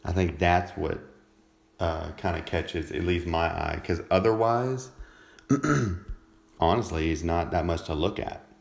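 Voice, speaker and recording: Real deep gravelly guy, laid back, chuckling and clearing his throat. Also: slow. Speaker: podcast co-host. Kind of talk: casual chat.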